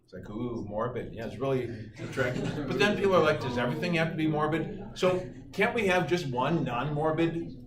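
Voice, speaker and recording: A middle-aged man teaching a calculus class, lively and joking with his students. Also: on the high side, brisk, a crowd in the background. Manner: lively, playful, jokes with students. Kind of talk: classroom lecture. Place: high school classroom. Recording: echoey classroom from far off, noisy.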